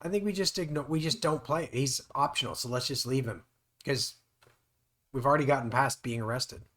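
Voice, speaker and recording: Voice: mid-range voice, a little fast, a bit bright. A board game player in a casual tabletop playthrough, explaining the rules step by step and laughing often.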